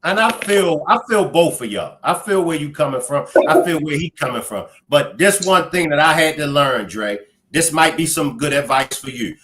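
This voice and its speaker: A man's voice: fairly high pitch, animated, normal speed, few pauses, fairly bright tone, a little hiss or hum. A man hosting a casual live-stream talk, asking direct, pressing questions. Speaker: talk show host.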